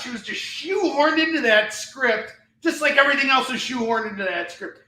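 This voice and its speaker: A man hosting a live comic-selling stream, animated and ranting, often breaking into laughter. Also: extremely high pitch, far from the mic. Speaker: live shopping show host selling comics. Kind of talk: live-stream sales chat and rant. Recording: echoey room.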